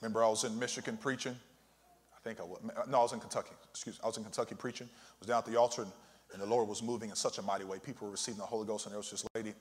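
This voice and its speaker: In an echoey church sanctuary, a male pastor with a low, steady voice preaches fervently at a rapid-fire pace, calling out to the congregation again and again.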